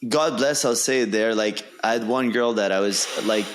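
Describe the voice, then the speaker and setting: A man's voice: on the low side, normal speed. A man hosting a podcast, talking informally and calling his guest "bro". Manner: warm, informal, says "bro". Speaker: podcast host. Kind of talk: casual conversation.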